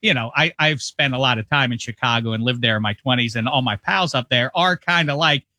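A man's voice: mid-range voice, brisk, sharp tone, dry recording. A middle-aged man from the Midwest, a football analyst chatting casually on sports radio over a video call, rambling with self-mocking asides.

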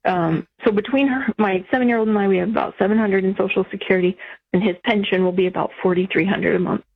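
A woman's voice: medium pitch, fairly even intonation, quick pace, breathy edge. Woman calling in on a tinny phone line. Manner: earnest, explains at length with restarts. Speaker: caller. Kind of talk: phone-in conversation. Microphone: telephone.

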